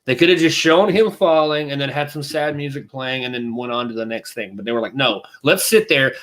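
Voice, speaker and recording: A man co-hosting a laid-back podcast, his voice sitting at an ordinary middle pitch. He rambles and cuts himself off mid-thought, jumping into little acted-out voices as he retells scenes. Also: brisk, few pauses. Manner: animated storytelling, acts out scenes with voices; rambling, self-interrupting. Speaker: podcast co-host. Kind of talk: casual chat.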